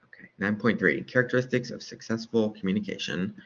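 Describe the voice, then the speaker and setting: A man's voice: on the low side, fast talker, dull audio. A man lecturing over slides in a casual way, asking rhetorical questions and often adding "right?" to check in.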